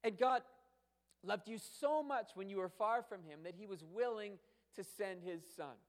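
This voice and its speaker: A pastor with a high-pitched voice preaches a sermon at a moderate pace, emphatic and given to repeating phrases and posing rhetorical questions. He is in a church sanctuary, and the recording carries a long hall reverb.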